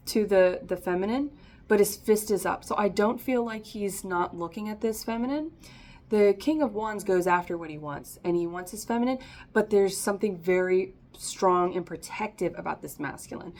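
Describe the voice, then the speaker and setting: A woman reads tarot cards aloud in a loose, conversational way. She is encouraging and chatty, with frequent laughter. Her voice sits at an ordinary middle pitch for a woman. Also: darkish tone. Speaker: tarot reader. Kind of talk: casual tarot reading to camera.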